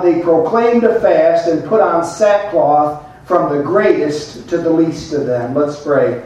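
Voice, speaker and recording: A man's voice: on the high side, lively intonation, moderate pace, hardly any pauses, darkish tone. A man preaching a sermon as pastor, folksy and conversational, with asides to the congregation. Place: church sanctuary. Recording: echoey church from a distant mic.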